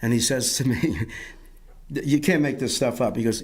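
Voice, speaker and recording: A man's voice: medium pitch, brisk, a little mellow, husky. A middle-aged man talks through his life story as an interview guest. His telling rambles, with restarts and repeated words, and he acts out other people's lines as he goes. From Yonkers, New York.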